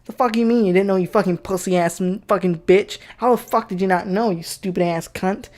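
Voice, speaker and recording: A petulant, whining schoolteacher, stammering as he nags students, his voice pitched up into a thin, fussy trill, as a young man mocks him. He complains about every small thing and tips over into cursing. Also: a little fast, darkish tone, natural voice. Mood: stammering abuse. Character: whiny, complaining male high school teacher.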